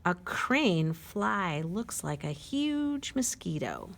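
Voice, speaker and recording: A woman at a library storytime, reading a picture book aloud to children, gently asking them questions and dropping to a whisper at quiet moments. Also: mid-range voice, very animated, gravelly, slight background noise. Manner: slow and gentle, pausing to ask young listeners questions.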